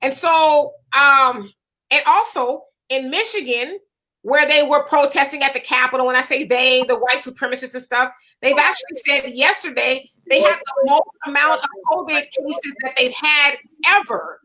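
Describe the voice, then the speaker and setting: A woman's voice: high voice, normal speed, pushed and bright. A woman hosting a casual interview, chatty and full of fillers as she asks questions. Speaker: host.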